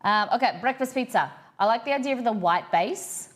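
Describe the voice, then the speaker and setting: A woman's voice: fairly high pitch, lively intonation, fairly quick, fairly bright tone. A young woman hosting a cooking livestream, chatting casually and rambling as she reads her viewers' messages aloud.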